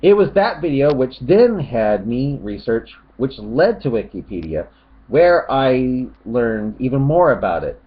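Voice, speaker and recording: A man's voice: mid-range voice, big pitch swings, measured pace, dull audio. A man in casual commentary, reading out online comments and answering them in a mocking, rambling, sarcastic way.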